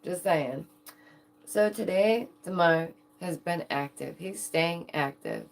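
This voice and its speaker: A woman's voice: mid-range voice, unhurried, gravelly, a little mellow. A young adult woman hosting her own channel, chatting casually and playfully to viewers with frequent giggles. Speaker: channel host. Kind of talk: casual livestream chat.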